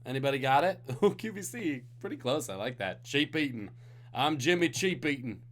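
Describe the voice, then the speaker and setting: A man's voice: mid-range voice, lively intonation, normal speed. A tired man hosting a live-streamed trivia game, reading out questions and joking with the chat between them. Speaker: trivia host.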